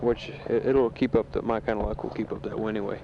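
A man who is a soldier, recording a casual spoken letter home from a sandbag bunker, talking matter-of-factly with a halting delivery full of fillers, on a dull home tape recording. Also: on the low side, flat delivery, noisy background. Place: sandbag bunker in a war zone.

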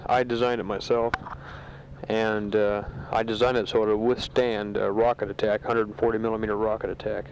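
Recording a casual taped letter home from a sandbag bunker in a war zone, this soldier has a fairly low, flat voice with vocal fry. His delivery is matter-of-fact and halting, full of fillers, on a dull home tape with a bit of hiss or hum.

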